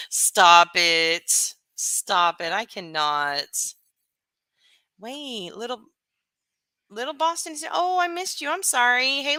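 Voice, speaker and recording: Brief: woman streamer, blunt and salty, bright smooth voice, dry close sound. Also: lowish voice, no echo. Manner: blunt, profane, animated, greeting chat by name. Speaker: live streamer. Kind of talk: casual livestream chat.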